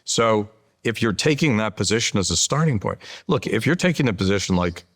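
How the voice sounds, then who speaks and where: A man in his sixties, a company chief being interviewed, explaining his views in a measured way and telling anecdotes. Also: lowish voice, lively intonation. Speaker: interview guest, chief executive. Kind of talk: conversational interview.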